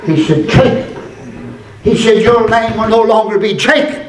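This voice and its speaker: Male preacher, fervent sermon, echoey church recording. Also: crowd noise. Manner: builds from low, measured speech to high, shouted preaching. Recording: echoey church room, far from mic, congregation.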